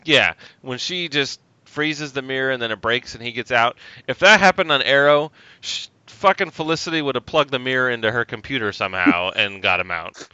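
Man, casual chat, ranting, very bright crisp voice, dry lo-fi sound. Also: mid-range voice, a little fast, no room sound. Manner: animated, swearing, ranting with laughs.

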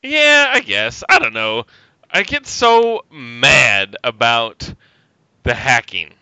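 A man co-hosting a casual chat, ranting and swearing with animated laughs, on a dry, slightly dull recording. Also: medium pitch, slow pace, clear, resonant tone, dry recording.

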